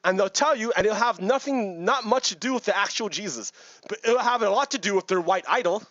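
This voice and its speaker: A man's voice: sits high, expressive, a little fast, fairly bright tone, no echo, highs cut off. A man giving casual, rambling commentary on news clips, repeating words and laughing between points. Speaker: video commentator.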